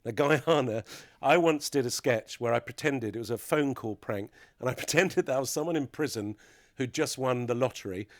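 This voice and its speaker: A man's voice: mid-range voice, moderate pace, no room sound, clean studio sound. A middle-aged man, a podcast guest, telling mischievous stories in casual chat and laughing often.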